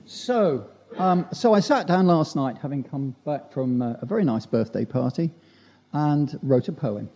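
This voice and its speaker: Slow-talking man reciting comic verse. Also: fairly high pitch, expressive, mellow. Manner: chatty, self-deprecating asides between verses. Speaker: speaker at a church gathering. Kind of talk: reciting a humorous rhyming poem. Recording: dull lo-fi recording.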